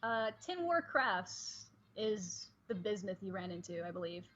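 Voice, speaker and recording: A chatty woman talks casually with a friend on a livestream and laughs easily. Her voice sits at a middle pitch and comes through muffled and lo-fi. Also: sing-song, a little slow, fairly bright tone. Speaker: co-host and voice actor.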